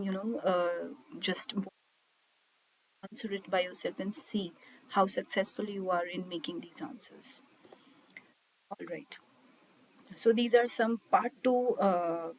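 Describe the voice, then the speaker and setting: A woman's voice: medium pitch, rough recording. A woman teaching an online IELTS speaking class, reading slide points aloud and explaining them, with frequent fillers like "okay" and "uh".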